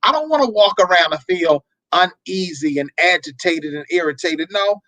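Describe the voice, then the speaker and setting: A man hosting a marriage advice show, talking in a preacherly way, repeating words and breaking into animated asides. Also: high-pitched, moderate pace, no room sound, low-quality recording. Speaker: marriage talk show host.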